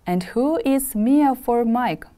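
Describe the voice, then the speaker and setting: A woman teaching an English vocabulary lesson to schoolchildren, from Kyrgyzstan, speaking slowly and clearly and having pupils repeat words after her. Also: a little high, lively intonation, dark tone.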